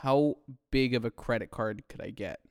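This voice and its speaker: A man's voice: mid-range voice, moderate pace, smooth, dry recording, clean studio sound. A young man hosting an interview podcast, asking questions in a playful, teasing way. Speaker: podcast host. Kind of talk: casual interview chat.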